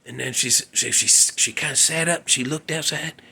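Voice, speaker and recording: A man hosting his show, telling a ghost story in a drawling, folksy way that drops into hushed whispers. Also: mid-range voice, moderate pace. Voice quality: gravelly, raspy. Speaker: show host.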